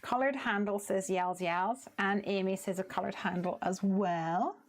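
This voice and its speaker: A woman's voice: mid-range voice, steady tone, measured pace. A woman hosting a casual crafting livestream, chatting through each step as she works.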